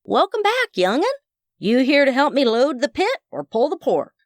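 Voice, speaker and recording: A woman's voice: high voice, big pitch swings, normal speed, dry recording, clean studio sound, voice pushed up. A woman reading the part of a burly, cheerful older male pitmaster with a folksy, teasing manner.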